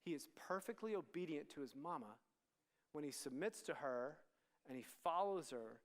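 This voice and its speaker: A man delivering a conversational sermon to students, his voice sitting high for a man. He acts out the dialogue of the people in the story as he goes. Long reverb from a large hall trails after his words. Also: lively intonation, moderate pace. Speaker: student ministry speaker.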